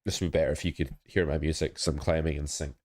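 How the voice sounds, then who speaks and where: A man's voice: extremely low pitch, fairly even intonation, fast, darkish tone. A man, coaching poker live and chatting casually with his viewers, often second-guessing his own plays. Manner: chatty, self-critical, talks to chat. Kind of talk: casual live-stream commentary.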